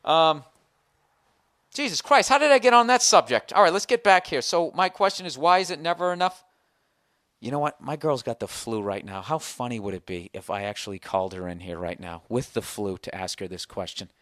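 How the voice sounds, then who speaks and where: A man's voice: mid-range voice, lively intonation, brisk, a bit bright, no room sound, studio quality. A man hosting a podcast, telling a profane comedic story with mocking voices. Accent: Boston. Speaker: podcast host. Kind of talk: comedic monologue. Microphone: studio podcast mic.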